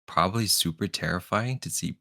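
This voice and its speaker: Low-pitched male co-host, laid-back conversational tone, dry sound. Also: brisk, pushed and bright, no echo. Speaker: podcast co-host. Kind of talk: casual chat.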